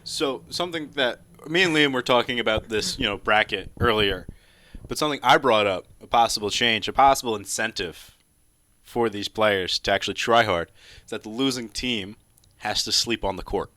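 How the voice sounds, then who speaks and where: A man co-hosting a sports podcast, playful and pitching silly ideas. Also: normal speed, sharp tone, no room sound. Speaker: podcast co-host. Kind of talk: casual sports chat.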